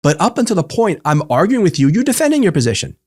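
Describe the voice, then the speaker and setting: A man in a podcast conversation, explaining calmly as a psychologist and acting out little quoted voices with humor. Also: high voice, quick pace, slightly rough. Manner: animated teacher, acts out quotes, jokes. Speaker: psychologist guest.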